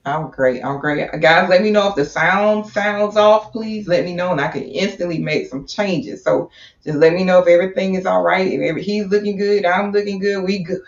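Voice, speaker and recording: An energetic woman hosts a livestreamed talk show, rallying her viewers and repeating phrases for emphasis. She sits well back from the microphone in an echoey room, and the sound is a little dull. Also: on the low side, normal speed, recorded from a distance. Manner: upbeat and animated, repeats herself for emphasis. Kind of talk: live-streamed talk show hosting.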